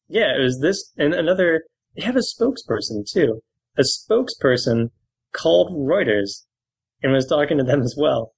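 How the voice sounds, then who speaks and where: A man's voice: fairly high pitch, big pitch swings, normal speed, gravelly, husky, low-quality recording. A man co-hosting a comedy podcast in casual chat, wryly riffing on news items. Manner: wry, riffing on news stories. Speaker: podcast co-host.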